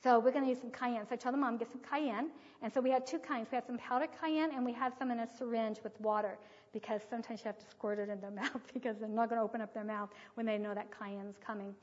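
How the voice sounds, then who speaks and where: A woman's voice: fairly high pitch, fairly even intonation, fast talker, a little mellow. A woman coaching parents on raising children, telling anecdotes in a plain-spoken, demonstrative way. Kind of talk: anecdotal teaching talk. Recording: dull lo-fi sound with long reverb.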